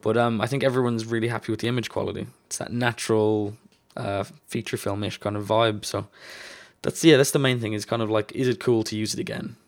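A man's voice: on the low side, fairly even intonation, brisk, creaky. A man, a colorist, talking casually and enthusiastically in a podcast chat, with lots of "like" and "um".

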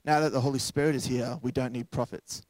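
A man's voice: medium pitch, steady tone, fast, darkish tone, no echo. A young man preaching a sermon in a casual, joking way, acting out quoted voices along the way. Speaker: pastor.

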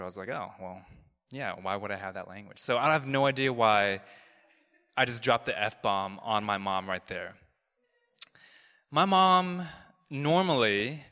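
Male pastor, conversational sermon, bright voice, filler-heavy delivery, long hall reverb. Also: medium pitch, clear, resonant tone. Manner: chatty, loose, many fillers and restarts. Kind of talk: casual storytelling sermon.

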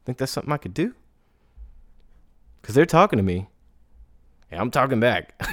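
A podcast host with a fairly low, slightly mellow voice talks casually on his own, often asking "right?" and laughing as he goes. The recording is clean studio sound with no echo.

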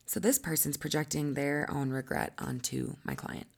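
A woman coach talking through a teaching monologue, sometimes acting out quoted voices and dropping into soft asides. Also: low voice, moderate pace, creaky.

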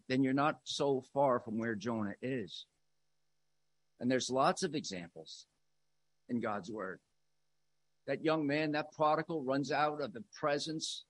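A man preaching a sermon, moving between quiet reflective passages and loud, emphatic declarations. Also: fairly high pitch, dry recording. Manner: dynamic, swings between soft musing and loud emphatic lines.

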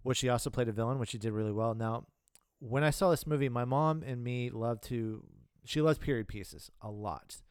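A man co-hosting a podcast, talking casually about films, with relaxed swearing. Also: medium pitch, normal speed, hardly any pauses, clear, resonant tone, no echo, clean studio sound. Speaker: podcast co-host. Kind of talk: casual chat.

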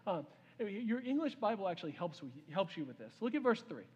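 A male pastor preaching in a church sanctuary, his fairly high voice carrying through a long, ringing reverb. He tells his story with feeling and acts out the characters' words. He speaks straight to the congregation. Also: very animated, brisk, breathy edge, lo-fi sound. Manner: storytelling preacher, voices the king's words, addresses the crowd as "y'all". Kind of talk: sermon. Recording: long reverb of a large hall.

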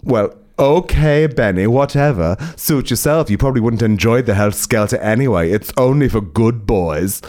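A man's voice: mid-range voice, animated, moderate pace, hardly any pauses, a little mellow, lightly acted. A man voicing a smug, taunting man in a comic story. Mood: dismissive. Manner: mocking and teasing. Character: smug taunting adult man at a fairground ride.

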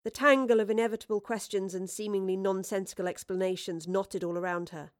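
Her voice mid-range, a woman reads an audiobook with an even, measured storytelling approach, on a dry, studio-quality recording.

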